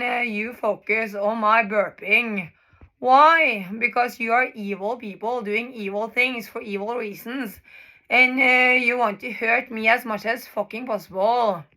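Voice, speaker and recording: A woman's voice: on the high side, sharp tone. A woman in her thirties, a native Norwegian speaker from Norway, talking in a personal video monologue. She is emphatic and profane and repeats herself, with frequent filler sounds. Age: 30s. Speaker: vlogger.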